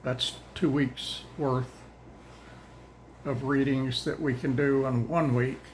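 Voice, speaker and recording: Older man, folksy host, short of breath, halting and plain-spoken, average pitch. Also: steady tone, slight background noise, low-quality recording. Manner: rambling, halting, restarts often. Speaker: host of daily Bible readings. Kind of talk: casual chat to viewers.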